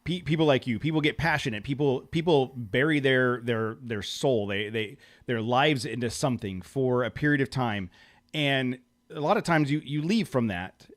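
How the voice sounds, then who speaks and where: A man's voice: medium pitch, moderate pace. A man hosting a podcast interview, talking in an earnest, casual way with stumbling restarts. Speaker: podcast host.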